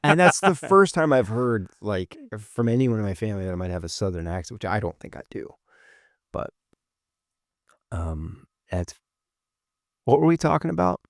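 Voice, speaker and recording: A man co-hosting a podcast with a low, gravelly voice. He rambles casually through his thoughts with plenty of fillers and restarts, and the recording is close and dry. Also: sing-song, moderate pace, pauses often, no echo. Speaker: podcast co-host. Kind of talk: casual chat.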